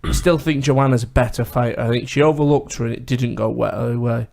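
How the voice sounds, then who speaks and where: A man's voice: mid-range voice, steady tone, fairly quick, creaky, darkish tone. A man co-hosting a podcast, telling fight stories bluntly in casual chat and swearing freely. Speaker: podcast co-host.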